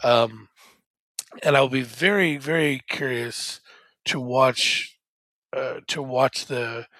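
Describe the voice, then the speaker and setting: A podcast co-host chats casually and rambles, full of fillers and restarts. His medium-pitched voice is slow, pushed, and bright, with no echo.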